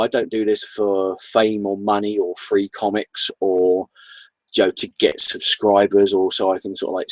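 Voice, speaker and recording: A man talks casually about comics in a low, easy voice. He rambles and repeats himself with eager enthusiasm, recorded close and dry with no room sound. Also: a little mellow, dry recording, rough recording. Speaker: comic book vlogger. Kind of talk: casual vlog chat.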